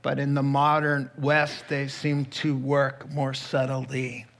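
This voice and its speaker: A man's voice: medium pitch, completely flat delivery, slow, gravelly, fairly bright tone. A man preaching a sermon as pastor, telling a scripture story with asides.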